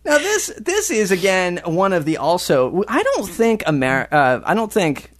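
A man's voice: high-pitched, wildly swooping pitch, measured pace. An American man with an American accent, hosting a casual chat, asking rambling, joking questions. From United States.

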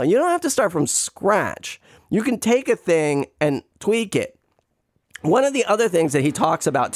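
A man chatting casually and telling an anecdote, rambling with restarts and jumping into quick impressions of other people. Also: a little high. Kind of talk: casual storytelling chat.

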